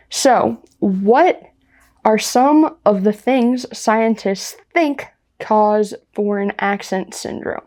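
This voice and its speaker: A young American woman telling a story slowly and clearly for English learners, repeating ideas in simple words. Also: mid-range voice, darkish tone. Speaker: English teacher.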